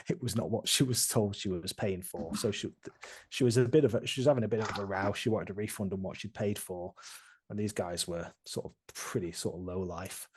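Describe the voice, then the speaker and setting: A man's voice: fairly low pitch, a little mellow, slightly rough. A man running a tabletop game, recapping past sessions in a rambling, casual way with many restarts. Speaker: game master.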